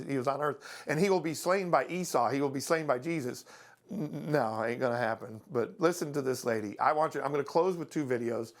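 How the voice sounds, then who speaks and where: Gravelly-voiced man teaching emphatically. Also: medium pitch. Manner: emphatic and conversational, with rhetorical questions. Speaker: Bible teacher. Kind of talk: teaching a Bible study series.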